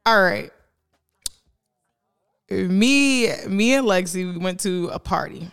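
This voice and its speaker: A young woman trades stories on a casual podcast, her voice smooth and clear. She tells them in an animated way, jumping up in pitch to act out her friends, and laughs often. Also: takes it slowly. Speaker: podcast co-host. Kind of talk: casual explicit chat.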